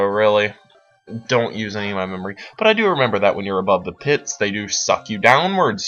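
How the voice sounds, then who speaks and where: Brief: late-teen boy, lowish voice with a bright edge, rambling self-mocking game commentary. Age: late teens. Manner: rambling, self-deprecating chatter. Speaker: let's play host. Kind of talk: gameplay commentary. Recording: dull lo-fi sound. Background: faint game music.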